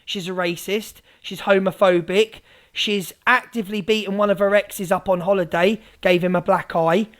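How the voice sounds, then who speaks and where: A woman's voice: mid-range voice, steady tone, normal speed. A woman live streamer ranting, sweary, sarcastic and combative. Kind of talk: livestream rant.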